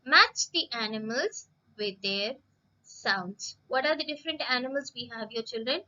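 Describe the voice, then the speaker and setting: A woman teacher giving a slow lesson to young children, drawing out words and asking them questions. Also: fairly high pitch, sharp tone, dull audio. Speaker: primary school English teacher.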